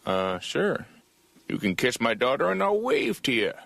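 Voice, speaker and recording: A man's voice: medium pitch, very animated, measured pace, gravelly, fairly bright tone, no echo. A man from Indiana delivering a dry, understated stand-up monologue in a cartoon therapy session. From Indiana, USA. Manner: dry, understated, slips into silly quoted voices. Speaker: patient doing stand-up.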